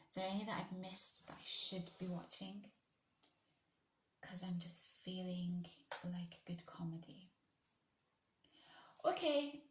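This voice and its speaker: A woman chatting casually on a livestream as host, rambling and asking her viewers questions. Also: on the low side. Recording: echoey room with faint noise.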